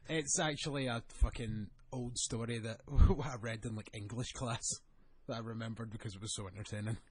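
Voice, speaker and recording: A man co-hosting a podcast in loose, casual banter. His voice is husky and a bit breathy. He swears freely and laughs at his own jokes. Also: medium pitch, steady tone, brisk, darkish tone. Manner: sweary, jokey, laughs often. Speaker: wrestling podcast co-host.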